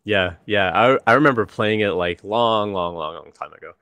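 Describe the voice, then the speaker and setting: Deep-voiced American man hosting a stream. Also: normal speed, fairly bright tone, clean tone, no echo. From United States. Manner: friendly, chatty, many fillers. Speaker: host, developer advocate. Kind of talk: casual live-stream chat. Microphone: video call.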